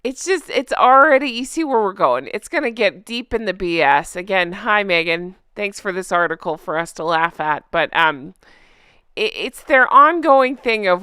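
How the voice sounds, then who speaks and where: A woman hosts a commentary show in a clean studio recording with no room sound, her mid-range voice clear and resonant at a moderate pace. She is animated and sarcastic, laughing a lot as she mocks a news story.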